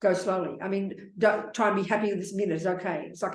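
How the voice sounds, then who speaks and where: A woman's voice: mid-range voice, steady tone, fast, few pauses. A woman Buddhist teacher giving a dharma talk and answering questions, blunt and repetitive, calling listeners darling and sweetheart. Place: meditation center hall. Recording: echoey teaching hall.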